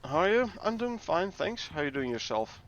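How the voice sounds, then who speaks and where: A Dutch man with a fairly high voice talks a little fast as he plays a game on a livestream, explaining it and greeting viewers in a relaxed, chatty way. The recording sounds muffled.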